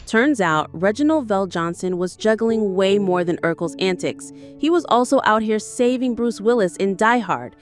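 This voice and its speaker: A woman's voice: medium pitch, lively intonation, moderate pace, hardly any pauses, soft background music. A woman reading scripted countdown narration in a chatty, hyped way, with playful asides to the viewer.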